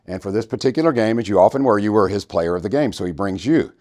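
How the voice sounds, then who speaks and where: A man hosting a podcast, telling stories in an animated, joking way. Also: fairly low pitch, quick pace. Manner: animated, jokey storyteller. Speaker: podcast host. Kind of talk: storytelling interview.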